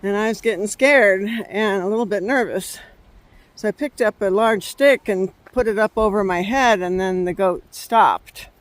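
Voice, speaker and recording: A woman's voice: mid-range voice, moderate pace, no echo. A woman from California telling a story in a rambling, chatty vlog on an outdoor trail, laughing often as she talks. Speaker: travel vlogger.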